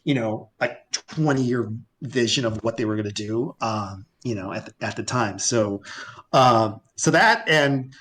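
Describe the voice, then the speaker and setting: A man's voice: mid-range voice, a little slow, a bit bright. A man telling a story as a guest on a live-streamed talk show. He acts out both sides of remembered conversations and laughs often as he goes. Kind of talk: animated storytelling in casual talk.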